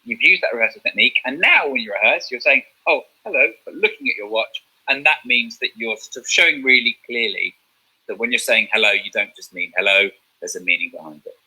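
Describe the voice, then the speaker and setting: Guy teaching drama revision, really bright sharp tone, bit husky, keeps asking okay?. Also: medium pitch, a little fast, rough recording. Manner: explains step by step, checks in with "okay?". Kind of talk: online revision lesson.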